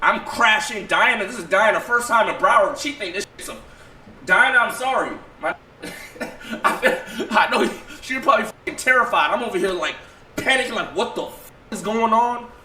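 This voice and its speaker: A man talks a little fast as he recounts a wild personal story to his stream. His slang is casual and profane, and he moves between low muttering and loud outbursts.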